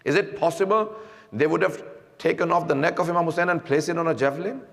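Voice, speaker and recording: Male preacher, sermon storytelling with rhetorical questions, rough fry in the voice, long hall echo. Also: on the high side, quick pace, fairly bright tone. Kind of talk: majlis sermon.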